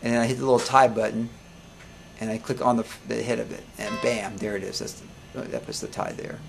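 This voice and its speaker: A man's voice: fairly low pitch, fairly even intonation, vocal fry. Casual man teaching a music class. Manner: casual, halting, asks students questions. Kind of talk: live classroom software demo.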